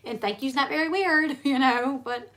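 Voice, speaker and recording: Bright-voiced chatty woman. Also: high voice, normal speed. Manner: rambling, chatty storytelling with many fillers. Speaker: livestream host. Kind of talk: casual livestream chat.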